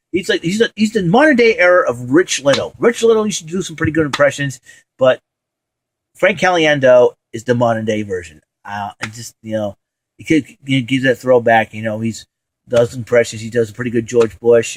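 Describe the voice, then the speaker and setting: A man's voice: medium pitch, slight background noise, poor audio. A man hosting a casual holiday vlog from home, rambling and enthusiastic, full of fillers. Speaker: show host.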